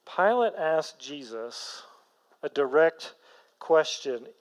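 A man preaching a sermon as pastor, earnest, rising to emphatic peaks and then dropping low. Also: lively intonation, slow, big-room sound, poor audio.

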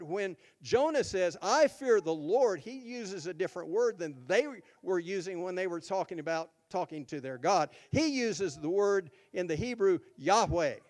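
A man's voice: high-pitched, a little mellow. A male pastor preaching a sermon, reading scripture aloud and then explaining it, leaning hard on key words.

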